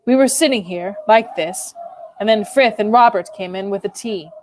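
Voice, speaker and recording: A woman's voice: medium pitch, moderate pace, a little mellow, slight background noise, natural voice. A woman reading as a tormented older husband. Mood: wounded.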